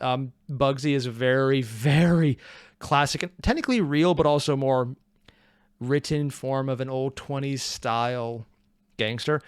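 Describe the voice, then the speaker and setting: Reaction host, man, wry and chatty, dry close sound, mid pitch. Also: smooth, no echo. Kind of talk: casual reaction commentary.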